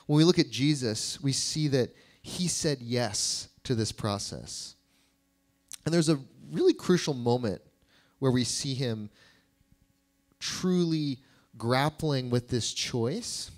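A man's voice: mid-range voice, expressive, slow pace. Man preaching a casual sermon. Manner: casual and conversational, joking with the congregation. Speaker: pastor.

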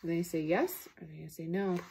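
A teacher reading a picture book to young children, pausing to ask them gentle questions. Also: female voice, fairly low pitch, steady tone, creaky, slight background noise. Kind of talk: children's read-aloud.

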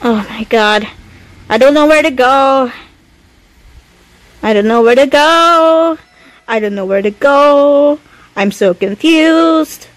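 Speaking in a high pitch, slowly and with long pauses, a female gaming YouTuber narrates her horror game run; the audio is poor but has no echo. She's frightened, shaky-handed, easily spooked, swearing frequently as she talks to herself.

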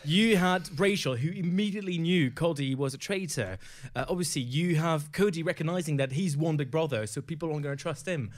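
A man's voice: a little high, a little fast, few pauses. A man hosting a podcast, steering the casual chat with questions. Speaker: podcast host.

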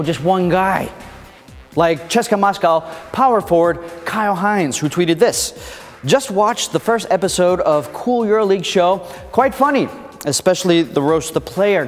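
A man's voice: fairly high pitch, in a large hall. A man hosting a comedy show with a playful, theatrical, mock-indignant delivery. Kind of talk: comedic scripted presentation.

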